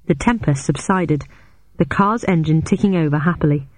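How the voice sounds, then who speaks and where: A woman narrating a novel in the first person, in a measured storytelling way. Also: no room sound. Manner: measured storytelling, raises pitch sharply for shouted dialogue. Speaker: audiobook narrator.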